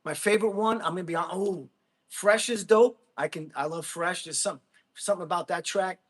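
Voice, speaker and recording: A man in his thirties, a Marine veteran, chatting casually to viewers on a livestream, rambling and excitable, often laughing and talking to the chat. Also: sits high, a little fast. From Jersey City, USA.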